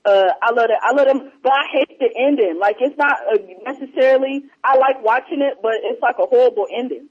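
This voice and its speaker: A man chatting casually and retelling movie scenes in a rambling, animated way. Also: very high voice, fairly quick, few pauses, breathy edge. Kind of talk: casual chat. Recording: muffled lo-fi audio.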